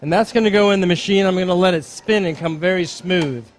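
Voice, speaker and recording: His voice sitting high and his delivery brisk, a middle-aged chef leads a live cooking demo at a dinner event. He chats cheerfully and explains each step along the way.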